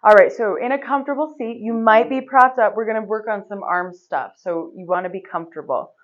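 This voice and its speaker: A woman teaching a yoga class, giving relaxed, chatty instructions and laughing often. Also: medium pitch, brisk. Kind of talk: guiding a live yoga class. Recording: slightly dull, lo-fi recording.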